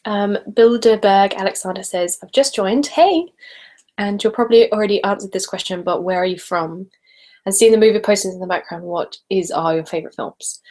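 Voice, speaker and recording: A woman's voice: medium pitch, fairly even intonation, brisk. Chatty English woman in a live stream. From Essex, England. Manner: chatty and giggly, dropping into soft whispers at times. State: sipping wine while talking. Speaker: ASMR creator hosting a live hangout. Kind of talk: casual live-stream chat reading viewer comments.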